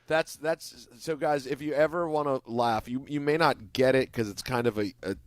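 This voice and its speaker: A man's voice: medium pitch, normal speed, no room sound. A man co-hosting a sports radio show, playful and joking, talking casually with his co-hosts. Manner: jokey, playful, repeats bits. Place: radio studio.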